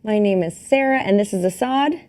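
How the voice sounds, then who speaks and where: A woman's voice: mid-range voice, brisk, a little mellow. A woman co-hosting a podcast in casual, playful chat, laughing often. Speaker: podcast co-host.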